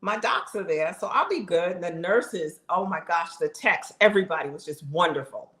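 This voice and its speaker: A woman's voice: lowish voice, moderate pace, a bit bright. A woman in her fifties, a vlogger talking straight to her viewers in a casual, heartfelt, emphatic way. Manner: emphatic, chatty, talks straight to the audience. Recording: roomy echo.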